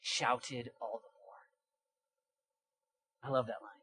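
A young man preaching a sermon and reading scripture aloud, emphatic and lively, dropping into casual slang and swinging from hushed asides to loud, punchy lines. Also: mid-range voice, takes it slowly, a little hiss or hum. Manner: animated, emphatic, shifts from quiet to loud.

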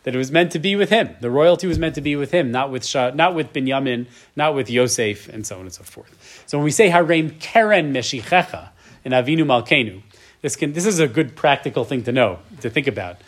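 Teaching a Torah class, a man speaks fairly quickly in an expressive, medium-pitched voice. His lecture is conversational, he often adds "right?" to his points, and he builds to emotional emphasis.

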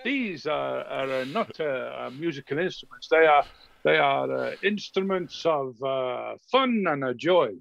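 A man voicing a flamboyant, overly courtly male gambler in a bad put-on Italian-ish accent, halting with many ums and uhs. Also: fairly high pitch, expressive, vocal fry, a bit bright, no echo, dull audio, heavily acted. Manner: halting, full of ums and uhs, grandly polite.

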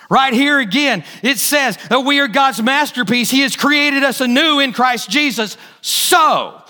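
A man's voice: very high voice, sharp tone. A male pastor preaching a sermon, repeating key phrases for emphasis and asking the congregation questions. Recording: hall reverb.

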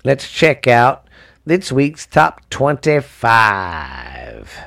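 A man's voice: medium pitch, huge pitch swings, very slow, creaky, fairly bright tone. A man hosting a casual sports podcast, rambling and swearing as he reads scores and rankings. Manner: rambling, profane, drawling, reads lists with fillers. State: dry mouth. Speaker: podcast host.

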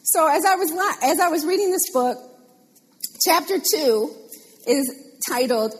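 A woman preaching a sermon in a lively, animated way, repeating phrases for emphasis. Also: high-pitched, unhurried. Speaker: pastor. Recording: long hall reverb.

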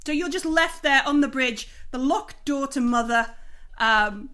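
A woman narrating a tabletop game as game master, pausing with "um" often before voicing her characters. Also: high-pitched, sharp tone. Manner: narrates with many "um" pauses, then voices characters in quick bursts.

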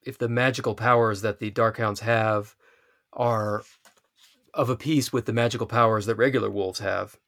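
A man hosting a podcast in casual chat, wry and quick to laugh. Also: on the low side, fairly even intonation, creaky, fairly bright tone. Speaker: podcast host.

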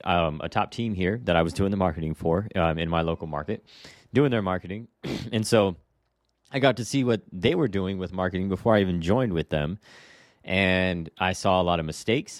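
A man hosting a solo podcast as a real estate agent, talking casually in a blunt, animated way with lots of rhetorical questions. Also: sits low, no room sound, studio quality. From Hawaii.

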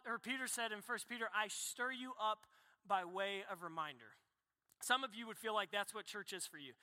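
A young man preaching a sermon as pastor, talking in a lively, conversational way with quick asides and self-corrections. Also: high voice. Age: young adult. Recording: echoey hall reverb.

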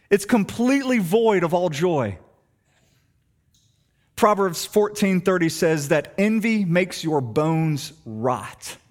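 A middle-aged man, preaching a sermon and telling stories, swinging between hushed and emphatic delivery. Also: sits high. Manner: animated storytelling, shifts between hushed and emphatic. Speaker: pastor.

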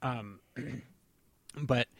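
A man's voice: mid-range voice, extremely slow, creaky, fairly bright tone, no room sound. A man hosting a casual podcast chat, laughing often and rambling through his points. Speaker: podcast host.

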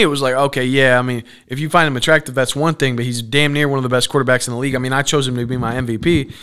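A man's voice: mid-range voice, smooth. A young man hosting a casual sports podcast, reading off stat lines and then riffing in loose slang. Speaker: podcast host.

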